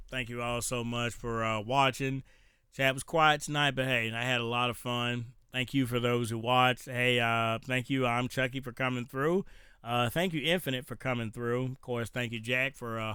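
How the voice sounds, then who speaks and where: A man with a rural American country accent, chatting casually to his viewers while streaming a game, rambling with frequent pauses. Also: mid-range voice, sharp tone, clean tone, no room sound, clean studio sound. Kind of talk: casual gameplay stream commentary.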